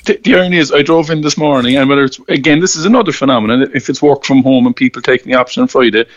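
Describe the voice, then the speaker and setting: A man's voice: medium pitch, racing, no echo, highs cut off. A man with an Irish accent, a newspaper columnist guest, talking in a rambling, wry way with repeated words. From Ireland. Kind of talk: casual radio interview.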